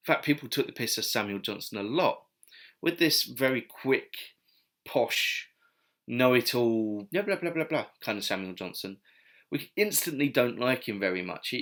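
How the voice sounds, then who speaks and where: Man, casual history commentary, wry asides, mid pitch, chatty. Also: fairly bright tone. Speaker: video essayist.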